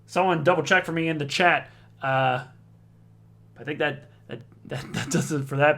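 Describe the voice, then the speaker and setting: A man's voice: on the high side, normal speed, creaky, pushed and bright. A man giving casual play-by-play commentary on a darts league, chatty, reading out scores and viewer comments.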